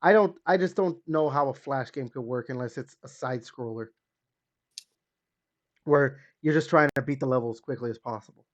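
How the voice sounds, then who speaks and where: A man hosting a gaming podcast in casual chat, chatty and hedging with lots of fillers. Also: moderate pace. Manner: chatty, hedging with fillers, rises and drops in pitch. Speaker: podcast host. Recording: slightly dull lo-fi sound.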